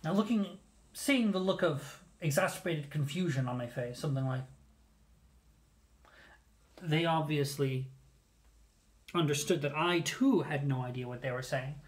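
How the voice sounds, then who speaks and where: A storyteller recounting a personal anecdote in a casual, animated way, often restarting sentences mid-thought. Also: mid-range voice, unhurried, pauses often. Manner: animated, rambling, with self-corrections.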